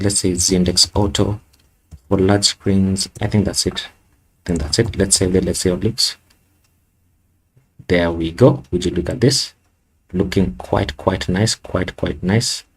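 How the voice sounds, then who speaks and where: A man's voice: low-pitched, fairly even intonation, measured pace, long pauses, slight background noise. A man walking through a coding tutorial in a casual way, thinking aloud and correcting himself as he goes. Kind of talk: screen-recorded coding walkthrough.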